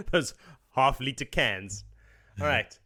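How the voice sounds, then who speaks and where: A man chatting on a podcast about a book he has read. His voice sits at an ordinary middle pitch. He retells scenes with lively energy and drops into casual swearing and quoted asides. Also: slow pace. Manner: animated retelling, slipping into character quotes and swearing. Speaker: podcast co-host. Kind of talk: casual book-discussion chat.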